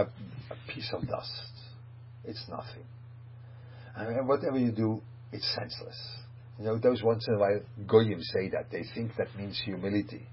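Male rabbi type, lowish voice, emphatic lecturing; dull, hum-laden recording. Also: breathy edge. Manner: emphatic, rhetorical questions, mixes Hebrew and Yiddish phrases. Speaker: rabbi teaching. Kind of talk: Torah lecture on Psalms.

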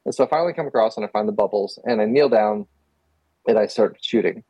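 A man's voice: fairly low pitch, quick pace, no room sound, rough recording. A man from Texas, a guest photographer, telling a story in casual chat with lots of fillers and laughs. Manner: animated, laughing, many fillers.

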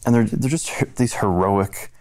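Lower-voiced man telling a story. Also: normal speed, darkish tone. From central Illinois, USA. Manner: earnest storytelling. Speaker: podcast co-host. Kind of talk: casual chat.

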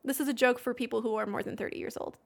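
A woman's voice: a little high, steady tone, very fast, gravelly. A woman in her thirties co-hosting a podcast, chatting casually with a sarcastic edge and plenty of swearing. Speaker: podcast co-host. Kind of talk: casual chat.

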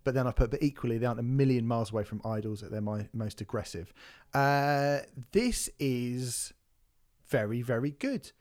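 A man's voice: mid-range voice, lively intonation, normal speed, a little mellow. A man co-hosting a casual music review chat. He is enthusiastic and sweary, and he trails off and restarts often. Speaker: podcast co-host reviewing an album.

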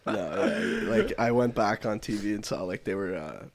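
A young man, a hockey player guest, speaking in a relaxed, casual podcast chat full of "like" fillers. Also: fairly low pitch, moderate pace. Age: young adult.

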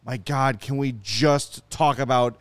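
A man's voice: medium pitch, fairly even intonation, unhurried, clear, resonant tone, no room sound. A man with a Chicago accent hosting a sports podcast, talking casually and swearing in frustration. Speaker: podcast host.

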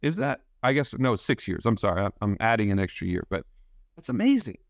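A man's voice: on the low side, very animated, a little fast, vocal fry, no room sound, clean studio sound. A man co-hosting a podcast, bantering playfully with the guest. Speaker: podcast co-host.

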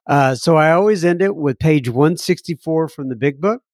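A man's voice: on the high side, moderate pace, a little mellow, no echo, clean studio sound. A man hosting a recovery podcast, talking casually, reading listener mail, laughing often and slipping into a joking French accent. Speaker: podcast host.

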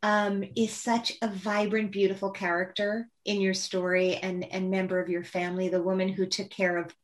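A woman interviewer leads the conversation with eager, friendly questions. She reacts enthusiastically and laughs along, and her voice is mid-pitched. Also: little pitch movement, normal speed. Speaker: interviewer host.

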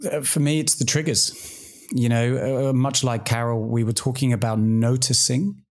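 A man's voice: mid-range voice, steady tone, moderate pace. A man hosting a podcast, talking things through in a reflective, casual way. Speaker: podcast host. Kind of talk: casual discussion.

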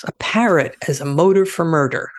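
A woman's voice: deep voice, animated, moderate pace, no room sound. Candid older woman telling stories. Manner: candid, conversational storyteller. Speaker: guest, former death investigator. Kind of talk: interview storytelling.

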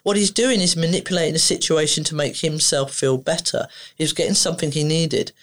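A woman's voice: sits low, brisk. A woman, an emotional therapist, speaking as a podcast guest and telling stories in a conversational way, often acting out what people said. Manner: animated anecdotes, acts out dialogue. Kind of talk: conversational storytelling.

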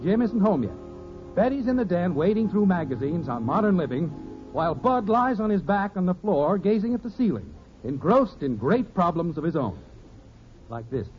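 A man's voice: high-pitched, sing-song, moderate pace, faint music behind. A man narrating the opening of a radio sitcom in a chatty, folksy way. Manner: chatty, folksy scene-setting. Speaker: show announcer. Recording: muffled old 1950s radio broadcast.

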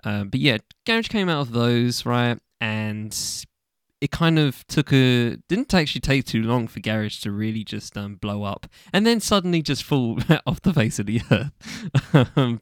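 A man's voice: medium pitch, clean tone, dry recording, clean studio sound. A young man from the UK hosting a casual solo podcast, rambling loosely with lots of ums and casual swearing. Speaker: podcast host.

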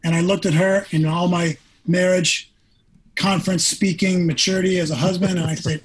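A man's voice: high voice, flat delivery, normal speed, husky. A middle-aged man, a former pro football player, telling an earnest personal story in an interview.

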